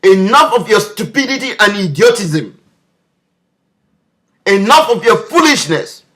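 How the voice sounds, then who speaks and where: A man's voice: high-pitched, very animated, unhurried, sharp tone. A man delivering an impassioned political video message, leaning on repeated rhetorical questions. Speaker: political commentator.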